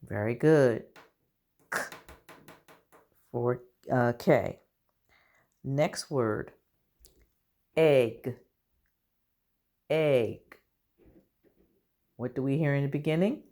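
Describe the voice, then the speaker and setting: A woman teaching a recorded early-grade reading lesson, slow and deliberate, encouraging the children. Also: rumbling low, dark tone.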